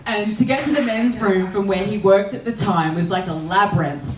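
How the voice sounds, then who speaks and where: Mid-range in pitch and moderate in pace, a woman comedian works through a live set of crude, self-mocking tales, frequently cracking up as she delivers them. The small venue sounds roomy, the mic is far off, and the crowd laughs and responds throughout.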